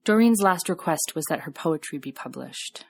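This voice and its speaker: A woman podcast host reading scripted storytelling narration in a measured, reflective way. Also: low voice, lively intonation, creaky, darkish tone, husky.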